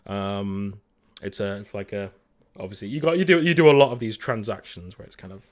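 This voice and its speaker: A man narrating a tabletop role-playing game as game master, halting often with fillers and restarts. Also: on the low side, a little mellow.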